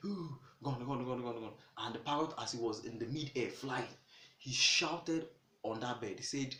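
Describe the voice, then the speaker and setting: A man tells a folktale in a loose, chatty way, full of exclamations and asides. His voice sits at an ordinary male pitch, and the recording has a roomy echo. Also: moderate pace, sharp tone. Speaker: storyteller. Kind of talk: casual storytelling.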